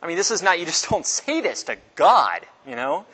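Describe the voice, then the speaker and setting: A man leads a casual Bible class, his voice sitting a little higher than most. He talks loosely and quizzes his listeners. He acts out quotes with sudden jumps in pitch. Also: very animated, normal speed, bright, forceful tone. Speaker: Bible study teacher.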